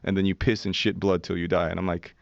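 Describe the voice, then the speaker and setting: A man in his forties telling a story as a podcast guest, animated and profane, acting out what others said. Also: low-pitched, fast, creaky, dry recording, lo-fi sound. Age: 40s. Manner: animated, profane storyteller who acts out quotes. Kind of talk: casual storytelling.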